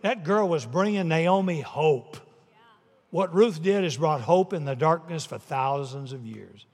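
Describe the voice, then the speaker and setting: A male pastor preaching a sermon, telling a story that builds to emphatic peaks and then drops soft. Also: on the high side, lively intonation, a little slow. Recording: long reverb of a large hall.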